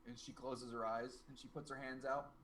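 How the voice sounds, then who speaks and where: A man narrating as game master in an animated, expressive way. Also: mid-range voice, moderate pace, slight background noise.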